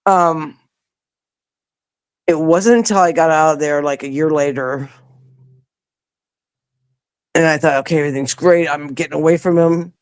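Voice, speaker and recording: A woman's voice: low-pitched, measured pace, pauses often, no room sound. A woman in a conversational interview, telling her story in a loose, rambling way. She often restarts her sentences and lifts her voice when she replays what people said. The recording is close and dry, with no room sound. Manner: acts out quoted dialogue with a rising voice. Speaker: interview guest.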